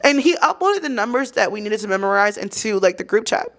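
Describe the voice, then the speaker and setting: A woman, a guest, telling a story in casual chat, animated and quoting people in lively voices. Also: medium pitch, quick pace. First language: English.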